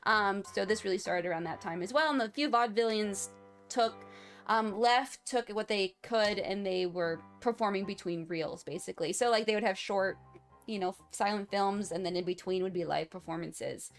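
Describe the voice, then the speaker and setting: A woman's voice: mid-range voice, normal speed, faint music behind. A woman hosting a casual history chat, giggly and loose, laughing between points as she explains. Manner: giggly, loose, drinking while she talks. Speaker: podcast host.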